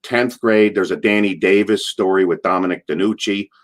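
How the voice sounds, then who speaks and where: A middle-aged man, a former wrestler, telling stories in an interview, rambling through asides and acting out what people shouted. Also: lowish voice. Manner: animated, acts out quotes in a loud, drawn-out voice. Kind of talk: casual anecdotal storytelling.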